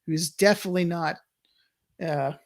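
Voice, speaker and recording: A young adult streamer plays a wrestling management game, offering casual let's-play commentary at medium pitch and normal speed. He thinks aloud, chuckles, and often restarts while reading chat. There's slight background noise.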